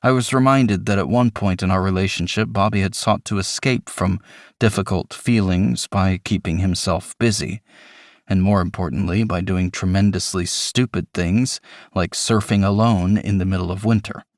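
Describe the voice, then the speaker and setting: A man narrating an audiobook in first person, with reflective, measured storytelling, on a close mic in a recording booth. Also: sits low, steady tone, dry recording.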